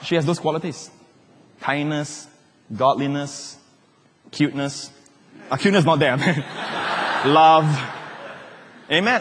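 A pastor preaching a sermon, joking with the congregation and acting out quotes. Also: male voice, mid-range voice, breathy edge. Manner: animated, joking, acts out quotes. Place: large church hall. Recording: long reverb of a large hall.

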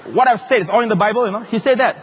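A pastor preaching a sermon, joking with the congregation and acting out quotes. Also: male voice, high-pitched, rapid-fire, breathy edge. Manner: animated, joking, acts out quotes. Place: large church hall. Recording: long reverb of a large hall.

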